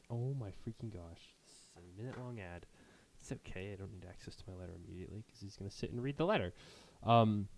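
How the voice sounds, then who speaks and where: A man's voice: fairly low pitch, darkish tone. A man narrating a tabletop game as game master in a casual, rambling way with many fillers.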